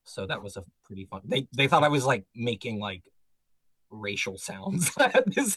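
A man, a band member, chatting casually in an interview, animated, laughing often and jumping up high on exclamations. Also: normal speed, slightly rough, no room sound, rough recording.

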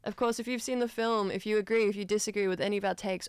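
A woman's voice: medium pitch, smooth, dry recording, clean studio sound. A young woman co-hosting a radio show, chatting casually about a film with lots of fillers. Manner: chatty, fast, with many fillers. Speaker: radio co-host.

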